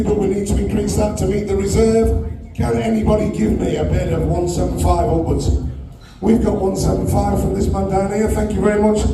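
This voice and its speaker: A British man running a live auction at a fan evening, pushing loudly for bids and joking with the crowd. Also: creaky. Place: large echoey function hall with an audience. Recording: booming hall echo, voice from far away.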